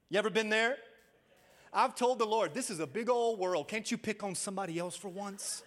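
A man preaching a sermon as pastor, building to shouted emphasis. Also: high voice, moderate pace. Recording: long hall reverb.

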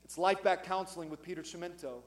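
A middle-aged man preaching a sermon as pastor to his congregation, swelling loud and emphatic on his key points. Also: high voice, fairly even intonation, fast talker. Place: church sanctuary with congregation.

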